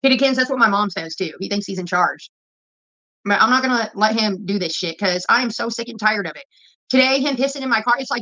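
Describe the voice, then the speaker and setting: A woman rambles through a blunt, profane rant to her viewers. Her voice is high, bright and sharp, and she talks fast. The audio is dull and lo-fi, like a phone recording. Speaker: vlogger. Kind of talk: casual rant to camera.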